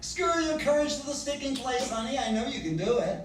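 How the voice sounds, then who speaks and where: A man's voice: very high voice, lively intonation, fairly quick, slight background noise, pitched above the performer's own voice. A man voicing a scornful woman who mocks and coaxes her husband. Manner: mocking, coaxing. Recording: roomy, from far off the mic.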